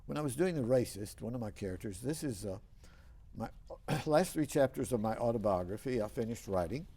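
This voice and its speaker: A man's voice: medium pitch, lively intonation, brisk, mellow, breathy edge. An older man hosting a TV talk show, telling long rambling stories with many restarts. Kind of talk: casual storytelling interview.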